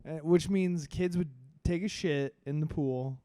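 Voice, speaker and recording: A man's voice: a little high, unhurried, dark tone. A man cohosting a podcast in casual comedic chat, riffing and swearing casually.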